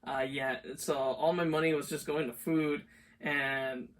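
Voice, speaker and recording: On a podcast he co-hosts, a young man rambles casually through stories, using lots of filler words. He sounds a little high and a bit bright, speaking a little slowly with fairly even intonation. Faint background noise comes through the distant mic.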